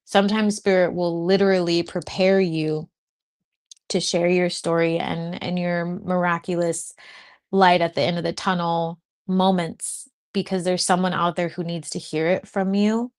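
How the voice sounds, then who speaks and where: A woman's voice: on the low side, little pitch movement, a little slow. A young adult woman, a spiritual business coach, talking casually and emotionally to her live audience, laughing often. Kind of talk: casual livestream talk to an audience.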